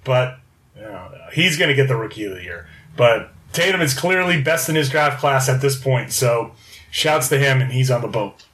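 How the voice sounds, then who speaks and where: A man's voice: medium pitch, animated, normal speed, a bit bright. A man co-hosting a casual sports podcast, running through stats and correcting himself as he goes. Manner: reads off stats, self-correcting. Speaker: podcast co-host.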